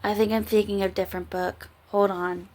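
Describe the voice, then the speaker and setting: Her pitch sits in the middle and her intonation stays level as she talks fairly quickly, with a slightly mellow quality. It's late at night, and this weary book vlogger rambles through her review, giggling and losing her thread before starting over.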